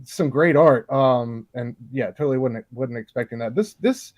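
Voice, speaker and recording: A man's voice: medium pitch, moderate pace, darkish tone, no echo. A man on a panel livestream, chatting about comics in a rambling, laid-back way full of restarts. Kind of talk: casual panel chat on a livestream.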